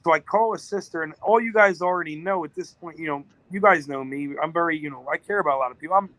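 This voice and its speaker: A man's voice: fairly high pitch, fast, pushed and bright, no room sound, rough recording. A man, a business-owner guest on a podcast, telling a long story in an emotional, rambling way.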